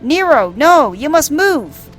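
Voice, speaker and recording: A woman's voice: on the high side, unhurried, fairly bright tone, soft background music. A woman reading the lines of an earnest young male scholar from a video game, solemn and urgent.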